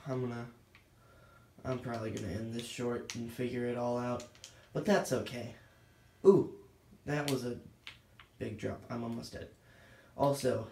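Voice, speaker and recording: A man rambles through his gameplay commentary in a slow, gravelly voice, losing his train of thought and mocking himself. He sounds a little winded. The recording is roomy and echoey, with a faint hiss of background noise underneath. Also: mid-range voice. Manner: scattered, self-deprecating, thinks out loud. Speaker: gaming channel host.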